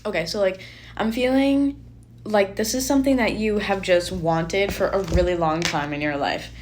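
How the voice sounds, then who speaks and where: A young woman giving a casual spoken tarot reading, chatty and animated with lots of filler words. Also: medium pitch, moderate pace, a little hiss or hum. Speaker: tarot reader.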